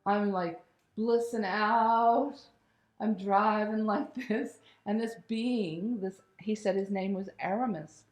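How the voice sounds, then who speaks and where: A woman telling a personal spiritual story in a candid, animated way, swearing casually and laughing as she goes. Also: mid-range voice, unhurried, few pauses. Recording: roomy echo.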